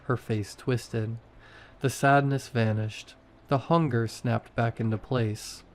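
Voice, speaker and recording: A man's voice: medium pitch, fairly even intonation, slow pace. A man narrating a first-person horror story in short, tense sentences.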